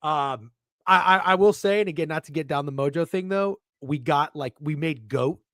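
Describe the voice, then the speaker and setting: Fussing with his camera and getting flustered, a young co-host on a casual sports betting podcast jokes and swears over a video call. His voice is a little high and a bit bright, at a moderate pace. The audio is clean studio sound without echo.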